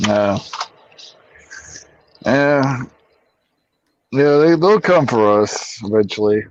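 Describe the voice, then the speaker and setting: A man's voice: medium pitch, animated, drawn-out words, no room sound, highs cut off. A man chatting casually as a podcast guest, laughing often and reacting with animation. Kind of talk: casual chat.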